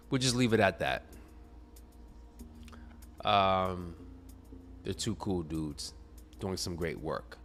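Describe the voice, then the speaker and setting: A man's voice: low voice, takes it slowly, long pauses, fairly bright tone, faint music behind. A sleepy man talking casually about tennis to his viewers, rambling and correcting himself as he goes. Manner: rambling, self-correcting, chatty. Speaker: tennis video creator. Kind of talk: casual tennis talk to camera.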